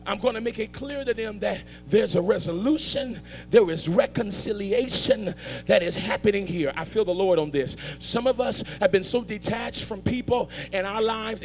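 A male pastor preaching a sermon, fervent, swinging from hushed talk to shouting crescendos, with playful asides to the congregation. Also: sits high, a little hiss or hum. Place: church service.

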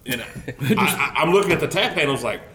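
Podcast co-host, male, lively storyteller who acts out bar dialogue; echoey room with crowd noise behind. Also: fairly high pitch, rapid-fire, distant mic. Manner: animated storyteller acting out dialogue. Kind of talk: casual chat.

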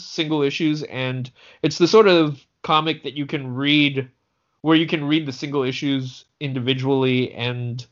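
A man's voice: medium pitch, a bit bright. A man co-hosting a podcast, talking casually and hesitantly with many restarts. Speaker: podcast co-host. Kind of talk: casual chat. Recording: dull lo-fi sound.

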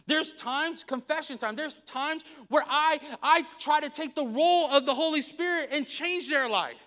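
A male pastor preaching a sermon, candid and self-deprecating, who tells stories with animated swings in his voice and laughs at himself. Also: very high-pitched, moderate pace. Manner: storytelling with animated vocal swings.

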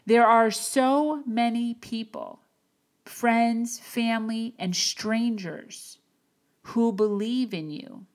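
A woman hosting a podcast, giving an earnest, encouraging motivational talk with slow, emphatic phrasing. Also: fairly high pitch. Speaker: podcast host. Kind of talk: motivational monologue.

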